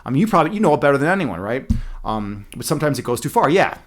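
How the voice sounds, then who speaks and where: A man telling a story in a casual rant, animated and profane, with many fillers and restarts. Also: medium pitch, racing. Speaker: streamer.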